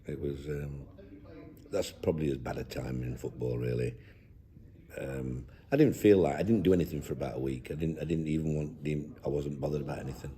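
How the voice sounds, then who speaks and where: Speaking a little fast in an extremely low, warm voice, an older football manager reminisces during an interview. He's down-to-earth and rambles, often starting his thoughts over.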